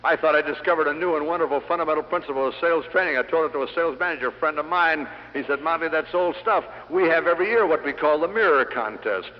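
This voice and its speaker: A man's voice: fairly high pitch, quick pace, hardly any pauses, in a large hall, lo-fi sound. A man giving a speech on selling to a live audience, telling stories in a punchy way with rhetorical questions, in an old vinyl recording. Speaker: sales speaker. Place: large hall.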